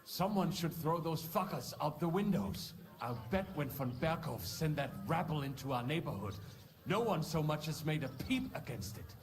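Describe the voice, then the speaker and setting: A man's voice: fairly high pitch, very animated, normal speed. A grim, vengeful young townsman. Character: grim young male townsman, bent on revenge.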